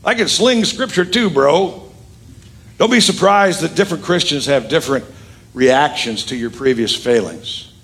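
Animated storytelling pastor, raised pitch. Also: male voice, normal speed, creaky. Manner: lively storytelling with big pitch swings and asides; calls on the congregation to repeat lines. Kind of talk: sermon. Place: church sanctuary with congregation.

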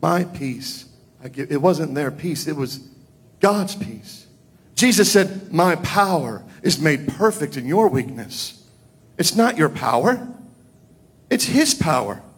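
A man's voice: very animated, slow, slightly rough. A man preaching a sermon, his voice rising and falling widely as he builds his points. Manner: preaching with big swings in pitch and volume. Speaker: pastor.

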